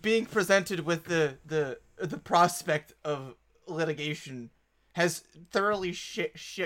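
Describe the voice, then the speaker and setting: A man's voice: a little high, slow pace, a bit bright. A man narrating as game master of a tabletop game, with a wry, mock-pompous manner.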